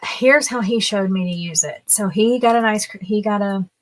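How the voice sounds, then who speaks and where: A woman's voice: medium pitch, moderate pace, dry recording. A woman in her fifties, a guest on a livestream, telling casual stories in a chatty way and laughing often. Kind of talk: casual storytelling.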